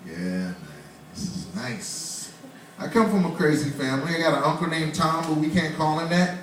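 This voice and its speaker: A man's voice: fairly high pitch, lively intonation, moderate pace, a little hiss or hum. A man in his forties doing a loose, conversational stand-up comedy set in a small bar, laughing at his own jokes. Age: 40s. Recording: roomy bar, voice from far off.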